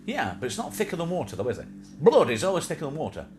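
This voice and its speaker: A man's voice: fairly high pitch, wildly swooping pitch, very fast, a little mellow, soft background music. A man hosting a livestream, chatting in a rambling, jokey way and wandering off on tangents. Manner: jokey, digressive, slips into silly put-on voices. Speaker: livestream host. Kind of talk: rambling casual chat.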